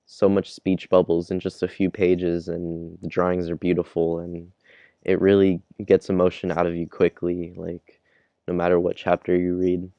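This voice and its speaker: Chill guy chatting about comics, mellow monotone, chuckles a lot. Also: deep voice, moderate pace, gravelly, no echo, dull audio. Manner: laid-back, chuckling, thinking aloud. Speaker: manga reviewer. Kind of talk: casual chapter read-along.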